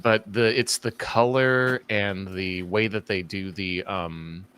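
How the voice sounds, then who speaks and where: Guy with a lowish voice rambling happily, lots of likes and ums. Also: fairly even intonation, slow pace, fairly bright tone, clean tone. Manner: enthusiastic, rambling, filler-heavy. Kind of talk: casual chat.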